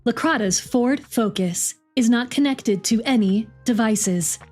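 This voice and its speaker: A woman doing a flat robotic car voice. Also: on the high side, measured pace, soft background music. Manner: monotone, clipped announcements.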